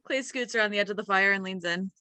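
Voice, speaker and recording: A woman's voice: medium pitch, fast, noisy background. A woman playing in a tabletop game, playfully narrating what her character does. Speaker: player. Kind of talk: tabletop roleplay chat.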